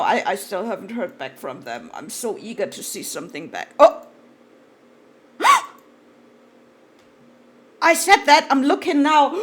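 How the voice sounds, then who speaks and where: A woman chatting casually on a live stream with a slightly high voice. She gushes excitably and swears freely, often trailing off into stacks of fillers. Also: husky.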